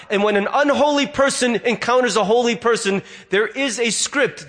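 Man, pastor, sermon, high-pitched voice, storytelling delivery. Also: a bit bright. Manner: storytelling, acts out voices in quotes.

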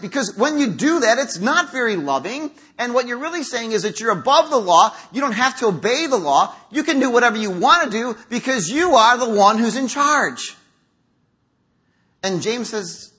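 A man's voice: very high voice, animated, normal speed, pushed and bright, breathy edge. A middle-aged man preaching a conversational sermon in a church, acting out quotes as he goes. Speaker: pastor. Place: church sanctuary.

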